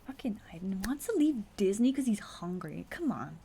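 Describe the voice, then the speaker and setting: A young woman streaming herself playing a text adventure, reading the story text aloud quickly and breaking in with blunt, incredulous asides and the odd swear. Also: mid-range voice, very animated, vocal fry, mellow, a little hiss or hum. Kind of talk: casual live-stream commentary, reading game text aloud.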